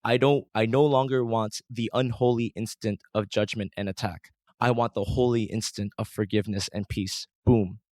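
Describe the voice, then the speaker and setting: Earnest, preachy man with a low voice. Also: steady tone, normal speed, darkish tone, no echo, studio quality. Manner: earnest and preachy, mimics his angry self in a raised voice. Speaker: podcast host. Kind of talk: reflective monologue.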